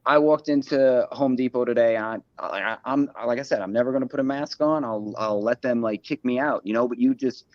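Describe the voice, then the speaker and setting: A man's voice: mid-range voice, fairly quick, hardly any pauses, no room sound, muffled recording. A man speaking as a guest in a casual livestream conversation, rambling and cursing with many restarts.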